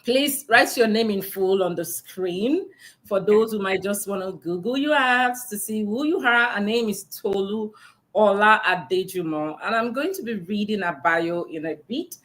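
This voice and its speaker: A woman's voice: medium pitch, moderate pace, fairly bright tone. A woman hosting a virtual book launch interview over a video call, encouraging and laughing often. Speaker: host.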